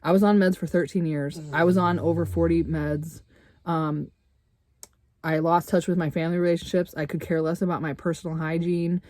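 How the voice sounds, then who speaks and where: A middle-aged woman vents to her camera in a fired-up, swearing rant, throwing out sarcastic rhetorical questions and getting loud. Her voice sits on the low side. The sound is dry and close, with no room in it. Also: flat delivery, normal speed, dry recording. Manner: heated, swearing, rising to loud outbursts. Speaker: vlogger. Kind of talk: angry personal rant to camera. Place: RV interior.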